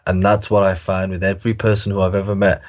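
A man's voice: deep voice, little pitch movement, quick pace, dull audio. A man telling a story in reflective conversation, hesitant and full of fillers and restarts.

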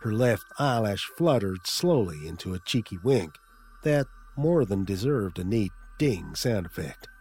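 A man's voice: on the low side, sing-song, unhurried, mellow, husky, soft background music. A man narrating a comic audiobook in a wry storytelling manner.

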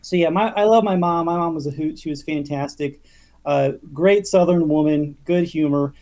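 A young man talking casually as a podcast guest, telling animated stories with many restarts. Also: fairly high pitch, normal speed. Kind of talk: casual chat.

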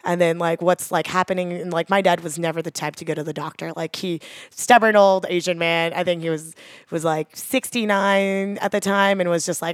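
A woman's voice: fairly low pitch, steady tone, moderate pace, clean tone, dry recording, clean studio sound. A woman, earnestly telling a personal story in a chatty way, full of "like". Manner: chatty, heavy use of "like", earnest.

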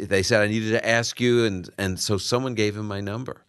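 A man's voice: lowish voice, steady tone, moderate pace, few pauses, fairly bright tone, smooth, no echo, clean studio sound. A man who hosts a radio Bible-answer show, chatting casually on air and telling a story about a caller. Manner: storytelling, acting out callers with short quotes.

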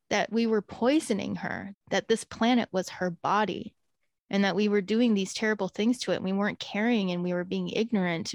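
A woman's voice: mid-range voice, no room sound. A woman earnestly telling a heartfelt personal story in casual conversation.

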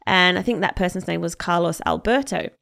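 A woman's voice: on the low side, a little fast, vocal fry. A woman co-hosting a podcast, retelling a story in casual chat and acting out the quotes with lots of laughter. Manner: animated storyteller, acts out quotes, laughs often. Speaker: podcast co-host.

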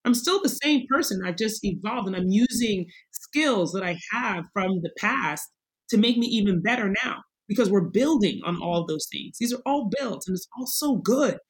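A woman in her forties, a guest in a conversational interview, talking in an animated, emphatic way and acting out little voices as she goes. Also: mid-range voice, normal speed, husky, low-quality recording.

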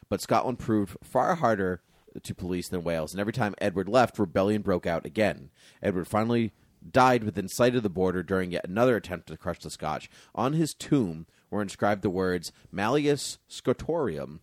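A man hosting a casual chat, reading aloud from a history book with jokey, animated asides. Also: deep voice, no echo, clean studio sound. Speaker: podcast host.

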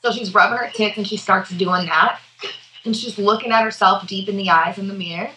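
A woman co-hosting a relaxed podcast, spinning a family story in loose, profane chat. Her voice is bright and forward, and she keeps pulling her listener in as she talks. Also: medium pitch, brisk, slight background noise, low-quality recording. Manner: profane, animated storyteller who laughs often. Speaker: podcast co-host.

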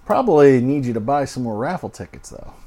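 A man's voice: medium pitch, sing-song, fairly quick, mellow. A man playing a scheming, crooked police officer who talks in a sly, conspiratorial way in an improvised role-play. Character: scheming crooked male cop.

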